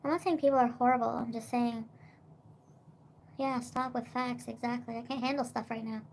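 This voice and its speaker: High-voiced rambling young woman streamer. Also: steady tone, normal speed, gravelly, pauses often, a little hiss or hum. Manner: rambling, full of "like" and swearing. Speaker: livestreamer. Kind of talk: casual livestream chat.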